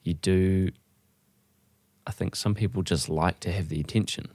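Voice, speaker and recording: A man's voice: low voice, steady tone, normal speed, darkish tone, dry recording. A man talking as a podcast guest in casual chat, thinking aloud and hedging as he searches for words.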